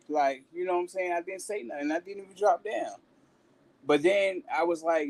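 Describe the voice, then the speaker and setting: A man in casual chat on a talk stream, telling a story bluntly with plenty of swearing and animated delivery. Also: a little high, brisk, poor audio.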